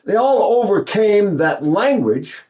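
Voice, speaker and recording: An older male voice teacher talks through a singing lesson in a chatty, animated way. His voice sits high and swoops through a wide pitch range. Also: takes it slowly. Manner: animated, chatty, sings and buzzes examples, mimics Italian speech.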